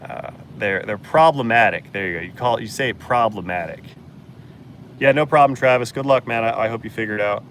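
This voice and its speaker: Man, low voice, blunt mechanic answering live chat, casual, faint outdoor noise behind. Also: brisk, a bit bright. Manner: plainspoken mechanic, blunt and joking.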